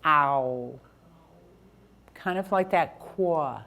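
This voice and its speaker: A woman teacher guides a student through sounds and spelling rules. She speaks slowly and calmly in a somewhat low voice, with a patient, coaching manner. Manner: slow, calm, coaching. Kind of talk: patient phonics instruction.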